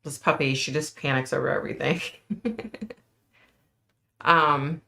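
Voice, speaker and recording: A woman's voice: low voice, animated, a little slow, vocal fry, bright, forceful tone. A middle-aged woman hosting a casual livestream, chatting and answering viewer comments. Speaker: livestream host.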